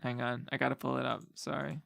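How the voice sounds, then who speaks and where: A man's voice: mid-range voice, little pitch movement, fairly quick, gravelly, a bit bright, a little hiss or hum. A man chatting casually on a livestream, rambling and easygoing with lots of fillers. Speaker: streamer.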